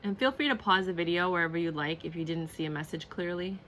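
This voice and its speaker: A woman's voice: fairly low pitch, quick pace, hardly any pauses, fairly bright tone, a little hiss or hum. A woman reviewing a card deck on camera in a casual, gushing way, repeating herself and laughing often. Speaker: tarot and oracle deck reviewer.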